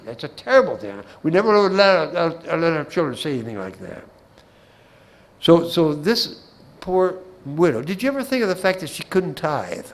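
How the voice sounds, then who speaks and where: A man's voice: high-pitched, low-quality recording. A man giving a Bible class talk in a folksy way, with humorous anecdotes and asides, often repeating words as he restarts a phrase.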